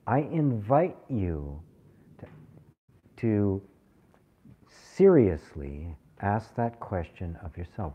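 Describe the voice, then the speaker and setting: Guy leading a spiritual talk, husky voice, really lively pitch, tinny phone-like sound. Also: slow pace, pauses often. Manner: animated, laughing, acts out questions. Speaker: spiritual teacher. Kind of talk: satsang talk to a live group.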